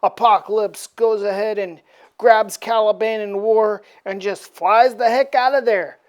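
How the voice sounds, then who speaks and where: A woman's voice: medium pitch, fairly even intonation, unhurried. A woman casually recapping a comic book issue in a slangy, offhand way.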